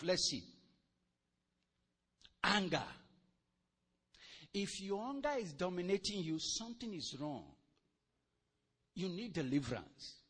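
A man preaching a sermon, reading scripture slowly and then breaking into animated, sometimes shouted exhortation with laughter. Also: high-pitched. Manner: animated, swings from quiet to loud and laughing.

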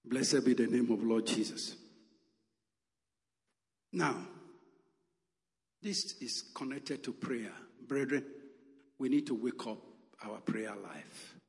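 A man's voice: mid-range voice, slow pace, vocal fry, long pauses, in a large hall. A man preaching a sermon with emphatic calls and repeated exclamations.

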